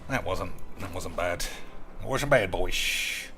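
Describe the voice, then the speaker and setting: A man's voice: low-pitched, animated, measured pace, a bit bright, a little hiss or hum. A man giving casual, crude, rambling commentary while streaming a card game, swearing freely and calling his viewers boys.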